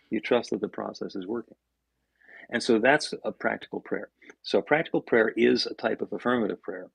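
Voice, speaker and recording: A man co-hosting a podcast as a minister, explaining in a halting way and often restarting his words. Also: on the low side, no echo, rough recording. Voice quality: gravelly, husky.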